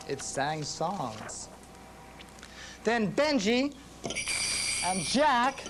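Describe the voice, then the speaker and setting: A man's voice: high voice, low-quality recording. A man, a music teacher, reading a rhyming children's story in a sing-song way. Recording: reading with instruments playing.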